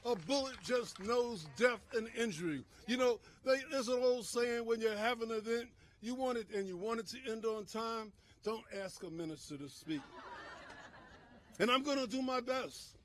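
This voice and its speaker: A man with a notably high voice speaks as a minister at an outdoor press conference. His delivery is impassioned, swinging between near-shouts and quiet, heavy phrases. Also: moderate pace, a little hiss or hum. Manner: impassioned, rising to shouts and dropping low. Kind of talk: emotional speech at a press conference.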